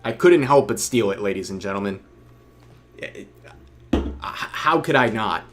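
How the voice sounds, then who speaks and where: A man's voice: on the low side, lively intonation, unhurried, a bit bright, soft background music. A young man in casual livestream chat, reading viewer donation messages aloud, often repeating his phrases. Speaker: streamer reading super chats.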